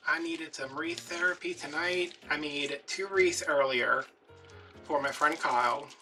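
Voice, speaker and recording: A man's voice: a little high, unhurried, bright, forceful tone. A man hosting a DIY wreath-making vlog, telling rambling, chatty stories with lots of fillers while he crafts. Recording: distant mic with background music.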